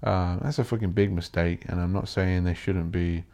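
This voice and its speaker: A man's voice: low voice, fairly even intonation, normal speed, a little mellow. A man hosting a solo podcast, rambling and ranting with plenty of swearing. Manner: swears a lot, rants and mocks posh voices. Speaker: podcast host.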